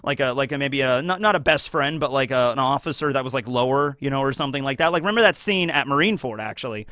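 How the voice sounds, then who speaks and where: A man casually giving animated commentary on a story, swearing and laughing easily. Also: mid-range voice, fast, no room sound, clean studio sound. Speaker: anime commentary YouTuber.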